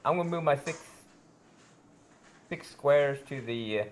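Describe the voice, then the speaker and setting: A man's voice: mid-range voice, a little slow, slight background noise. A man playing in a tabletop game, firmly and plainly declaring his moves. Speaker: player. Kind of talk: casual tabletop game chat.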